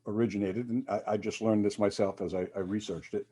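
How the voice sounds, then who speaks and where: A man's voice: fairly low pitch, fairly even intonation, brisk, hardly any pauses, warm tone, slightly rough. A male minister giving a reflective sermon, with quoted readings and casual asides.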